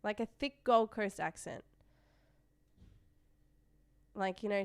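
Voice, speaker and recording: Young aussie woman on a live trading stream, reads chat out loud, smooth clear voice, dry sound. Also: medium pitch, fairly quick, no room sound. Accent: Australian. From Australia. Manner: chatty, reads chat messages aloud, trails off and restarts. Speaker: livestream trading host.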